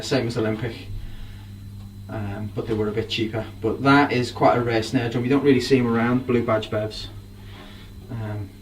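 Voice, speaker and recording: A man, a drum collector, casually showing off his gear with rambling enthusiasm. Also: mid-range voice. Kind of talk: casual show-and-tell. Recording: voice from a distance, faint background noise.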